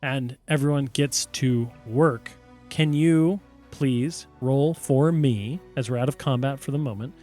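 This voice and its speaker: A man's voice: medium pitch, a little slow, darkish tone, faint music behind. A man narrating as game master of a tabletop game, playful and often laughing as he describes the action.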